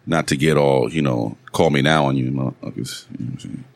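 A man's voice: a bass voice, a little fast, gravelly, no room sound. A man co-hosting a podcast in casual chat, profane and playful, slipping into silly voices. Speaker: podcast co-host.

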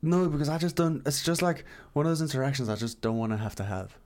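A man's voice: fairly high pitch, lively intonation, quick pace, a little mellow. A man from South Africa co-hosting a podcast, telling rambling anecdotes in casual chat and swearing freely. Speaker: podcast co-host.

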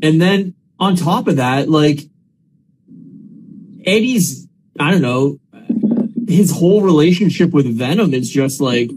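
Male podcast co-host, high pitch, blunt sarcastic delivery, faint noise behind. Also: lively intonation, slow, long pauses, a little mellow. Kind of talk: casual movie review rant.

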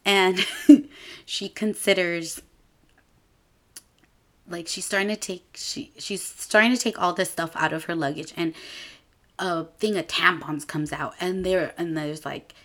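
A woman's voice: steady tone, measured pace, long pauses. A woman in her twenties, hosting a podcast and retelling a movie in a casual chat, using lots of filler "like"s. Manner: chatty, with many filler "like"s; acts out characters' lines in a higher voice. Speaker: podcast host.

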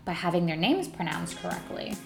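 A woman's voice: on the low side, big pitch swings, fairly quick, vocal fry, faint music behind. Emphatic young woman podcast co-host. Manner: emphatic, fires off rhetorical questions. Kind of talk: casual podcast discussion.

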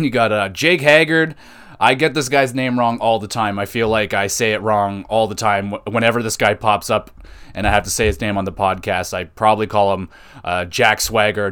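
A man hosting a podcast, reviewing wrestling shows in an excitable, casual way, laughing and swearing freely. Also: on the low side. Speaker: podcast host.

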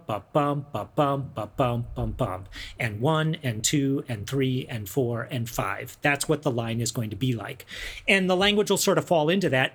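A man with a slightly husky voice talks through ideas like a teacher on a podcast. He breaks things down step by step at an easy, conversational middle pitch. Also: fairly bright tone. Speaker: podcast co-host. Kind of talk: explaining in conversational discussion.

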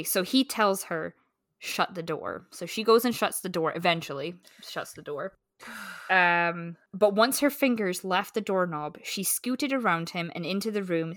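A woman's voice: fairly low pitch, fairly bright tone, no echo, studio quality. A woman co-hosting a book podcast, chatting casually with lots of "like" and "um" and reading romance passages aloud. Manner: chatty, lots of "like" and "um", reads prose smoothly.

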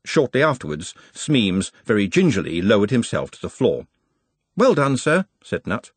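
An audiobook narrator reads scripted narration in a husky, very expressive male voice. The pitch is fairly low, the pace normal, and the recording dry.

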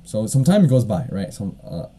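Podcast guy with a deep mellow voice, rambles, lots of "like" and "you know what i mean". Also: sing-song, normal speed, husky. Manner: rambling, heavy fillers, frequent coughs. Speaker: podcast host. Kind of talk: casual storytelling monologue.

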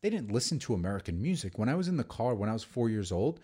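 A man's voice: on the low side, very animated, quick pace, warm tone, husky. A young man co-hosting a casual podcast, rambling through stories with lots of swearing and fillers. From New York, the Bronx. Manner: rambling storytelling, crude swearing, many fillers. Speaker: podcast co-host. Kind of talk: casual drinking-podcast chat.

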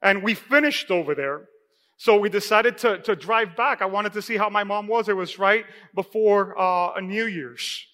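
A man with a high, bright, ringing voice preaches to his congregation. He tells a personal story in a loose, conversational way, dotted with "you know." His voice trails off into a long church-hall echo. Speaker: pastor. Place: church sanctuary.

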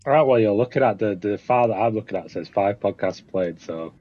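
A man's voice: fairly low pitch, a little fast. A man co-hosting a casual podcast, sheepish and self-deprecating. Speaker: podcast co-host. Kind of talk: casual chat. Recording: dull lo-fi sound.

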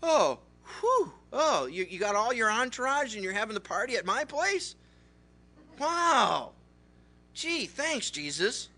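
A man voicing a short, rich tax collector who gushes with excitement and stammers as he talks. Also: very high-pitched, unhurried, heavily acted. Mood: flustered. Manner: gushing, breathless, stammering.

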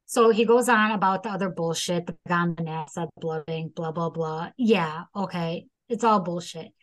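A woman's voice: on the low side, moderate pace, low-quality recording. A woman hosting a casual chat, retelling a case and acting out the people's lines in put-on voices. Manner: acts out quotes with dramatic voices. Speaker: podcast host retelling a case.

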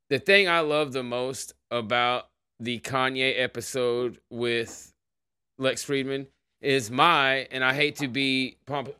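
A man hosting a loose livestream chat show, talking in a rambling, profane, offhand way. His voice is smooth and clear, sits at an ordinary middle pitch, and is recorded close and dry with no room sound. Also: pushed and bright, no echo. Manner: profane, rambling, greets chatters by name. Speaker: podcast host.

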